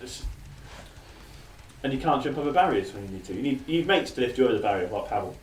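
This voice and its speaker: A man in his thirties, hosting a casual chat show and telling self-mocking stories at a quick clip. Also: mid-range voice, lively intonation, slight background noise. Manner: fast, chatty, self-mocking anecdotes. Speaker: podcast host. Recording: roomy sound from a distant mic.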